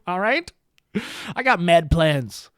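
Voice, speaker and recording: Brief: American male podcaster, sarcastic rambling rant, very animated pitch, dry close sound. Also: drawn-out words, clean tone, no room sound. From United States. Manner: sarcastic, rambling, self-mocking. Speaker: podcast host. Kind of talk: solo podcast monologue.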